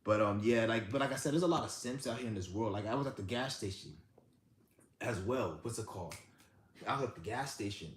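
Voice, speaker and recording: A man hosting a live stream who rants and tells stories in a blunt, profane, animated way. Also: on the low side, fairly quick. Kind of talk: ranting storytelling. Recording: roomy with faint background hum.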